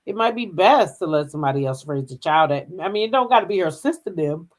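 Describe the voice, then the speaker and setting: Her fairly low voice has lively intonation as she hosts a gossip channel, offering casual commentary. She's chatty, reads news aloud, and stretches out humming fillers.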